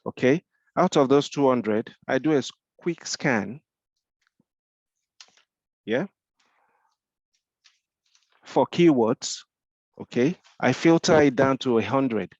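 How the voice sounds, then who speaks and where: A man's voice: mid-range voice, takes it slowly, long pauses, darkish tone, no echo, highs cut off. A man with a Nigerian accent, mentoring in a Q&A discussion, explaining with rhetorical questions and frequent repeated restarts.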